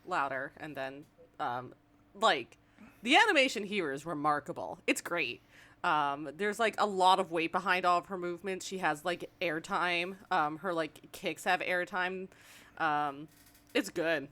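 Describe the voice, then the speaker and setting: Slow, laid-back woman podcast guest. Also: on the low side, pushed and bright. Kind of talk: casual chat recapping a cartoon.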